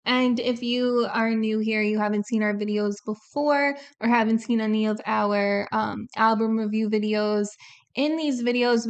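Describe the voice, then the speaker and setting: A woman co-hosting a casual album review chat, talkative and quick to laugh at herself. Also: a little high, smooth, dull audio. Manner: chatty and giggly, laughs at herself. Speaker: co-host of a music review channel.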